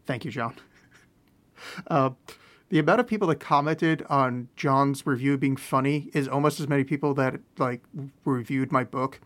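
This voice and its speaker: A man's voice: medium pitch, moderate pace, a bit bright. A man hosting a solo podcast, rambling and self-deprecating with dry sarcastic asides, talking from a room at home. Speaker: podcast host.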